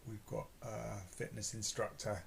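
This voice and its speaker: Gravelly low-voiced London man. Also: completely flat delivery, measured pace, slight background noise, rough recording. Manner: rambling, hesitant, filler-heavy. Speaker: vlog co-host. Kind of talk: casual chat.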